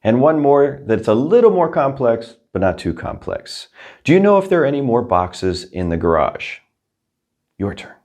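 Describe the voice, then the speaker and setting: A man teaching a recorded Spanish lesson, upbeat and encouraging, speaking his Spanish examples slowly and carefully. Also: mid-range voice, very animated, darkish tone.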